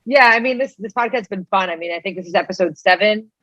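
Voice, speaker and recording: A woman's voice: mid-range voice, fast, fairly bright tone, dry recording, lo-fi sound. A woman co-hosting a podcast, chatty and upbeat, with many "like"s and "um"s. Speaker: podcast co-host. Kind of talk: casual interview chat.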